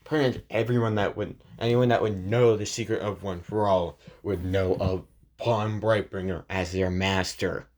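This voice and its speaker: A man's voice: low voice, steady tone, moderate pace, a little mellow. A man telling a fan story in a rambling, hesitant way, recorded on a phone. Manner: hesitant, many fillers and restarts. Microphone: phone screen recording.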